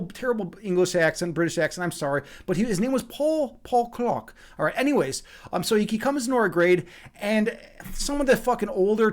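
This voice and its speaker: An American livestream host with a fairly high voice tells stories and reads out comments from his chat in a casual session. He swears constantly, rambles loosely and keeps restarting his sentences.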